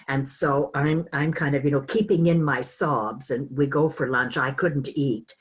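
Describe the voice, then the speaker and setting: An older woman teaching an online course, telling a personal story in a slow, halting, reflective way with many fillers. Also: deep voice. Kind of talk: personal storytelling in a group call.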